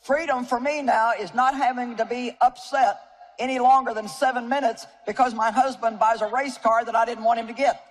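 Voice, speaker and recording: A woman's voice: fairly high pitch, fairly even intonation, fairly quick, slight background noise. A woman in her seventies from Missouri preaching a sermon to a live audience, telling homey stories with humor and chatty asides to the crowd. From Missouri, United States. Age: 70s. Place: stage before an audience.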